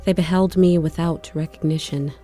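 Woman storyteller with a warm, fairly low voice; reads expressively. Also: steady tone, faint music behind. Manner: reflective, measured storytelling. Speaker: audiobook narrator.

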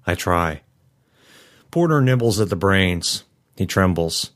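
A man narrating a first-person story in a measured, somber way. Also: deep voice, animated, a bit bright. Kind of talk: first-person fiction reading.

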